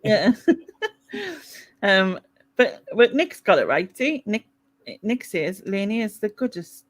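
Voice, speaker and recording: A woman's voice: mid-range voice, expressive, slow pace. Chatty Mackem woman hosting a live chat. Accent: Mackem (Sunderland). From North East England. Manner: chatty, laughs often, reads out chat comments. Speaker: live stream host.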